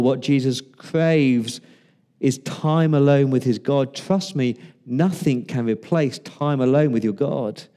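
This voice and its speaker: A pastor with a mellow, clean, medium-pitched voice delivers a conversational sermon. He poses rhetorical questions, uses dramatic pauses, and acts out quoted lines in varied voices.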